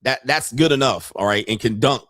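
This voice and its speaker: A man's voice: mid-range voice, fairly quick, a bit bright, dry recording, clean studio sound. A man hosting a casual commentary show, reacting to clips in a profane, mocking way and laughing often. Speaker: host.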